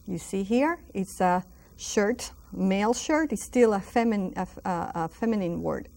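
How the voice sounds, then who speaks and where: A woman teaching a televised lesson, patiently repeating each word slowly and inviting viewers to say it with her. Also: mid-range voice, lively intonation, warm tone. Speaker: Spanish teacher. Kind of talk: slow televised language lesson.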